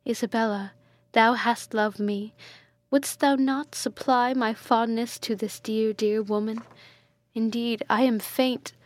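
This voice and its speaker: A woman reading aloud and voicing a dying young princess who speaks softly, faintly and tenderly. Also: fairly high pitch, steady tone, slow pace, no echo.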